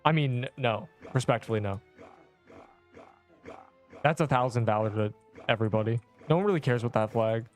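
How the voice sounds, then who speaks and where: A young man in his twenties talks through a game livestream, answering chat in a loose, rambling, slangy way full of restarts. His voice sits at an ordinary middle pitch, with faint game music underneath. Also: normal speed, pauses often. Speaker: game streamer.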